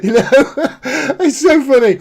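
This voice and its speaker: A man's voice: very high-pitched, takes it slowly, gravelly. A man in casual commentary, reading out news articles and mocking them sarcastically, laughing as he goes. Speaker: political commentator.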